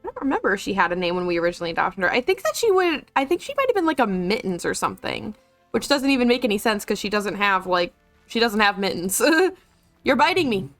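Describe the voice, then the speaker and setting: Excitable swearing woman game streamer. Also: mid-range voice, fast talker, no room sound, faint music behind. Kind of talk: live gaming commentary.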